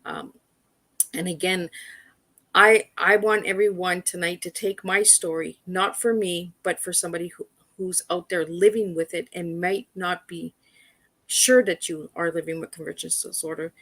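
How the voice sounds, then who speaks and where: A woman's voice: lowish voice, steady tone, moderate pace, fairly bright tone, dry recording. A woman speaking as a guest on a livestream, earnest and direct, often repeating words as she urges listeners to ask their doctors. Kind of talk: personal awareness talk. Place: livestream video call.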